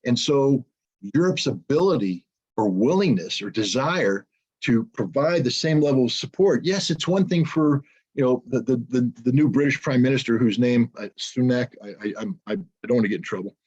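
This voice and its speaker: A man's voice: mid-range voice, lively intonation, moderate pace, darkish tone, husky, muffled recording. A man giving blunt, opinionated analysis as an interview guest, often repeating words as he searches for the next one. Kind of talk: unscripted interview commentary.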